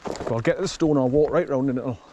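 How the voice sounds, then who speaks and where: A man rambles cheerfully as he walks a forest track, chuckling to himself between remarks. He speaks at a middling pitch into a camera he carries. A faint wash of outdoor noise sits behind him. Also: fast talker, mellow, highs cut off. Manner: rambling, chatty, chuckles often. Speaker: vlogger walking his dog. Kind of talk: casual walking vlog commentary.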